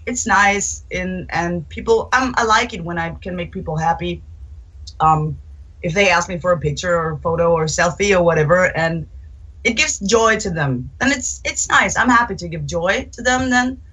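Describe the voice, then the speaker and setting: A young adult woman who plays guitar answers interview questions chattily, telling stories and acting out what fans said to her. Her voice is fairly low and moderately paced, captured on a rough recording.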